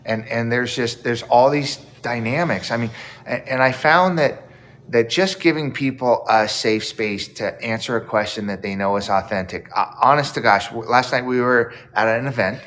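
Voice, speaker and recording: A man's voice: medium pitch, normal speed, a bit bright, slight background noise. A man who is an author guest in an interview, reflective and storytelling, acting out quoted lines. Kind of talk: casual interview chat.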